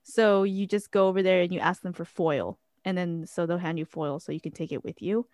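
A woman's voice: on the low side, fairly even intonation, a little fast, a little mellow, no echo, clean studio sound. Chatty young woman telling a story. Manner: chatty storyteller, laughs often, filler-heavy. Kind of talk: casual chat.

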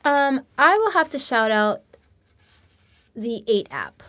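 A woman guest on a podcast chatting casually and upbeat about her retreats and a favorite app, listing things with small pauses. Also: sits high, big pitch swings, a bit bright, no room sound. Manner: upbeat, promotional, lists with pauses. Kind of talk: casual interview chat.

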